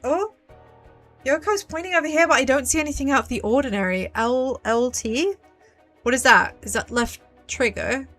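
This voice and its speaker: A woman commentating her game live in an unhurried, high-pitched voice. She talks to herself and her viewers and swears when something startles her, with faint game music playing behind her. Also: a bit bright.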